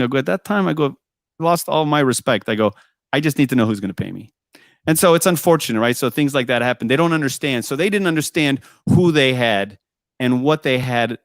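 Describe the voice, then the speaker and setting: Recorded dry and clean in a studio, a man with a mid-range voice appears as a guest musician, recounting road stories in a relaxed interview. He gets animated, laughs a lot, acts out what people said, and often says "I go."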